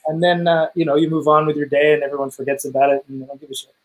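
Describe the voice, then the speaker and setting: A man's voice: a little high, very fast, rough recording. A young adult man, a stunt performer, chatting casually in an interview and acting out the people he quotes. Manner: animated storyteller, acts out quotes.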